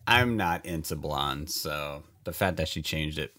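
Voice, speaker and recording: A man with a very deep voice that still swings up and down a lot. He chats casually and hesitantly, stopping to hedge his opinions. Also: lively intonation, slow, sharp tone. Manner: laid-back, hesitant, lots of fillers. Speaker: podcast co-host. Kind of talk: casual chat reviewing a movie.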